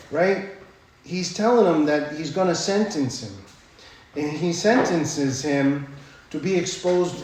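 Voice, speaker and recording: A man's voice: a little high, darkish tone, slight background noise. A man telling his own recovery story at a speakers' meeting, blunt and profane, often tossing in "right?" as he talks. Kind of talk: personal recovery talk. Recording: very echoey room, faint ambience.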